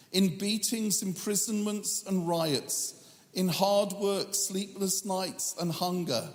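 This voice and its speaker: Man preaching in a reverberant hall. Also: high-pitched. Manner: humorous asides between scripture readings; reads scripture in a measured, drawn-out cadence. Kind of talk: sermon. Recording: echoey hall with long reverb.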